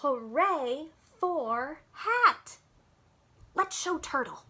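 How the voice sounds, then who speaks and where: A woman voicing a grumpy male elephant from a children's picture book, grumbling her lines slowly with heavy stress. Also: high voice, lively intonation, sharp tone, a little hiss or hum, voice pushed up, exaggerated voice. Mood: cheerful. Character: grumpy male cartoon elephant, stomping and sulky.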